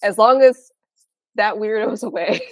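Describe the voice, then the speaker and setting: A woman's voice: mid-range voice, slow pace, no room sound. A woman in a panel discussion talking in a light, matter-of-fact way with easy laughter. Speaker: panel guest. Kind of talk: casual discussion.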